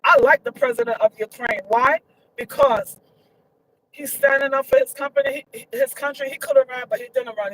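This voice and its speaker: A woman's voice: high-pitched, expressive, moderate pace, a little hiss or hum, low-quality recording. A woman giving her opinions in a casual vlog, emphatic and repetitive, her voice leaping up when she gets indignant. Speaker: vlogger.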